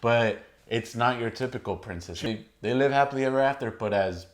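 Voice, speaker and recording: A man's voice: mid-range voice, a little fast. A man co-hosting a casual movie review chat, rambling with many fillers and restarts. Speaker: co-host.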